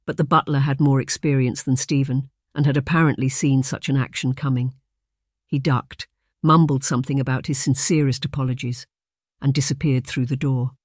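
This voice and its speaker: A man narrating a novel in a measured, even reading. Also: mid-range voice, no echo, clean studio sound. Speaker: audiobook narrator. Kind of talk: scripted narration.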